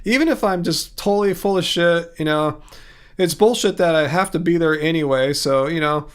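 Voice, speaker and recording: A middle-aged Californian runs a casual livestream, reading viewers' comments aloud and answering them in a loose, halting, rambling way. His voice is slightly high for a man and clean in tone. He sounds mentally tired, trailing off and laughing often between thoughts.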